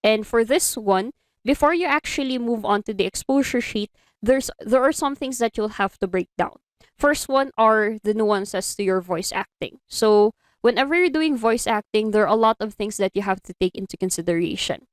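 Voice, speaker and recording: A woman's voice: medium pitch, lively intonation, moderate pace, no room sound. A woman with a Filipino accent giving an animation lecture in an online class, explaining step by step and slipping Tagalog phrases into her English. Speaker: animation instructor. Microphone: computer mic on a video call.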